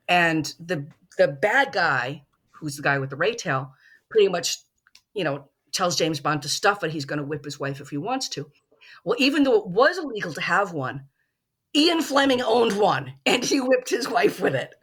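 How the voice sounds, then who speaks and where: Lady arguing her side on a podcast, gets going fast then slows down, lots of restarts. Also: fairly low pitch, husky. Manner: animated, talks fast in bursts with restarts. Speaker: prosecutor in a mock film trial. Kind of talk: casual podcast debate.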